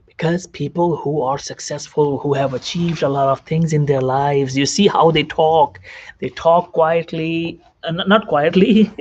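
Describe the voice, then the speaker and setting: Sitting in a chair, a man, a doctor, lectures to the camera on self-help psychology, repeating phrases and putting questions to the viewer. His somewhat high voice holds a steady tone at an unhurried pace, and the sound is lo-fi.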